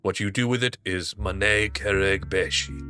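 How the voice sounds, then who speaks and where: A man voicing a gruff male bull herder in a video game, speaking low, slow and matter-of-fact. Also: steady tone, sharp tone, soft background music. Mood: stubborn.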